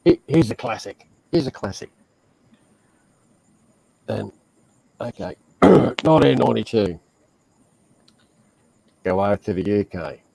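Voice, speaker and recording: A man's voice: fairly low pitch, big pitch swings, slow pace, creaky, pauses often, mellow, slight background noise, low-quality recording. A man with an Australian accent chatting casually on a stream, telling stories in a blunt, profane way. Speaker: stream host. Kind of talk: casual chat.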